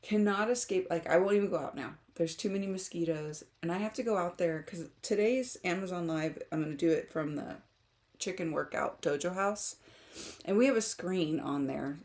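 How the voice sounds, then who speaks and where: A woman's voice: lowish voice, moderate pace, a little mellow. Chatty, giggly woman streamer. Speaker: author streamer. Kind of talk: casual livestream chat with viewers.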